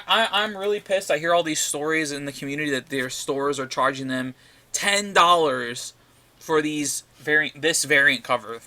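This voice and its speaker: Bright-voiced ranting male comic vlogger. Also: a little high. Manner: ranting, profane, repeats himself. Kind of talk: casual rambling vlog.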